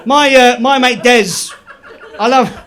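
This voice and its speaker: A man doing deadpan stand-up one-liners on a comedy club stage. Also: very high-pitched. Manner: deadpan joke delivery with quick self-laughs.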